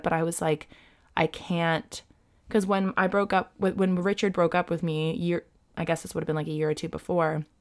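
A woman vlogger speaks candidly and emotionally, confiding a personal story straight to her viewers. Her voice sits low with plenty of vocal fry and a gravelly texture. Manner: emotional, confiding, frequent "like" fillers.

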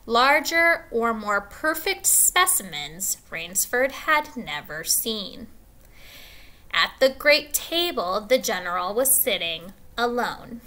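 Woman teacher reading a story aloud slowly. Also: on the high side. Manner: slow, expressive classroom reading.

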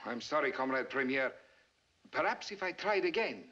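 An actor in a 1950s film playing a nervous, deferential Soviet radio operator who speaks hesitantly and apologetically. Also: male voice, medium pitch, animated, moderate pace, bright, forceful tone. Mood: apologetic. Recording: muffled old film soundtrack.

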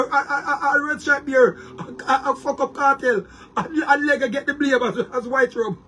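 A Jamaican man working as an online commentator delivers a heated, boastful monologue to his viewers, often repeating words and restarting. His voice is extremely high-pitched, bright, and forceful.

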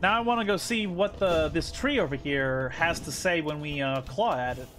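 A man's voice: a little high, moderate pace, fairly bright tone. A man streaming a game live, thinking aloud, counting under his breath and swearing when annoyed. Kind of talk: live gaming commentary.

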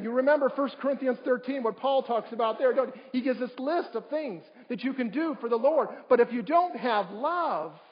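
A man preaching a sermon as a pastor, often putting questions to his congregation. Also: very high voice. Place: church sanctuary. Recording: dull livestream audio in a reverberant church.

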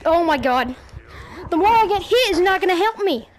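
A woman giving casual gameplay commentary at home on a headset, talking to the game and shouting at the enemies in frustration. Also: very high voice, animated, normal speed, soft background music. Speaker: gaming YouTuber.

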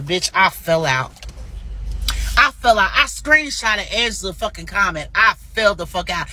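A woman hosts a livestream and rants heatedly at a rival, swearing at every turn. Her bright, forceful voice rises and falls in wide swings. She lurches from outright shouting to mocking asides. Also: medium pitch. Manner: heated, scolding, profanity-laced. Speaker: livestream host. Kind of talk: profane livestream rant.

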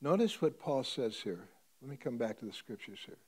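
A man preaching a sermon as a pastor, telling a story and swinging between loud emphasis and hushed tones. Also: medium pitch, big pitch swings, normal speed, breathy edge.

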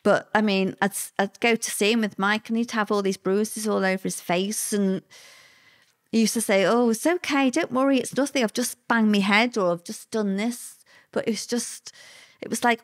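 A middle-aged woman, telling a personal story as an interview guest, chatty and repetitive. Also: mid-range voice. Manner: conversational, repeats words, lively quoted voices.

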